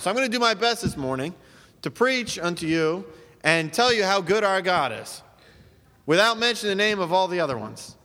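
Male pastor, high-pitched voice, emphatic sermon, rhetorical questions, reverberant hall. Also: big pitch swings, fairly quick, bright, forceful tone.

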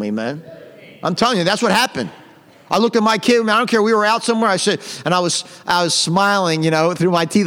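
A middle-aged male pastor delivers a fiery, blunt sermon, scolding his congregation and firing off rhetorical questions. His voice sits high for a man. A long reverb trails his words through the church sanctuary. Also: animated, brisk, fairly bright tone.

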